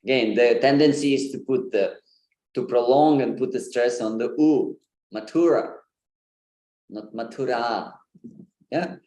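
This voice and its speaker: A man's voice: medium pitch, darkish tone, roomy sound. A man giving an informal online lesson on pronunciation, with many fillers and light laughs. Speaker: Sanskrit pronunciation presenter.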